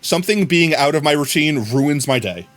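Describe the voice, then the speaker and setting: A man's voice: a little high, lively intonation, normal speed, a bit bright, faint music behind. A man streaming live, chatting casually in a rambling way that keeps restarting his sentences. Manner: rambling, self-interrupting talk. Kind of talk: casual chat.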